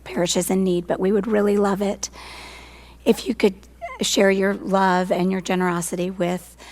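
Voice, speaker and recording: Woman, hoarse, earnest church staffer, mid-pitched voice. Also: level tone, normal speed, darkish tone. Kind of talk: church forum talk.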